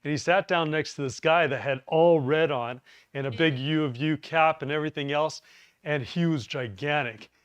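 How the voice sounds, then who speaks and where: A man with a fairly high voice teaches a live preparedness class. He jokes and rambles through his asides. He wears a lapel mic and the room sounds dry. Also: moderate pace, smooth, dry recording. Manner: chatty, joking, rambling asides. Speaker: preparedness course instructor.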